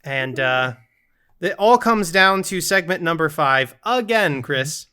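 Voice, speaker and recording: Bright-voiced man hosting a podcast quiz. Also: a little high, animated, takes it slowly, smooth. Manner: playful, reads quiz options aloud. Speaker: podcast co-host running the game segments. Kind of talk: casual game-show podcast chat.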